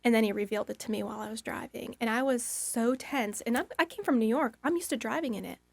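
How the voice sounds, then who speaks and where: A woman's voice: fairly high pitch, fast talker, vocal fry, husky, no room sound. A woman guest on a podcast, telling a long personal story in a rambling, casual way, with lots of fillers and little acted-out bits of inner dialogue.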